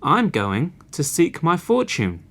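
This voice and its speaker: A man's voice: fairly high pitch, huge pitch swings, slow, fairly bright tone, pitched above the performer's own voice, exaggerated voice. A man voicing young Jack, a cheerful, bold boy, in a children's fairy tale reading, speaking in a plain, friendly way. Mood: determined.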